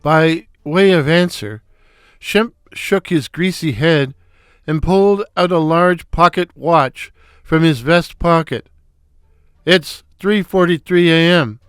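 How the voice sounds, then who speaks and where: A man narrating a comic story in a wry, deliberate way. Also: fairly high pitch, animated, a bit bright, clean tone, dry recording, studio quality. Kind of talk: storytelling with character voices.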